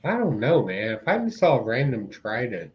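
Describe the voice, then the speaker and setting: Lively man on a dull lo-fi line. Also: mid-range voice, moderate pace, slight background noise. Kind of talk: casual chat. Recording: dull lo-fi call audio.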